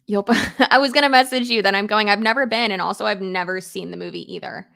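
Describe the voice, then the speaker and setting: A woman's voice: mid-range voice, steady tone, fast, gravelly, pushed and bright. A young adult woman chatting casually on a live stream while doing her makeup, rambling with lots of fillers and answering viewers' comments.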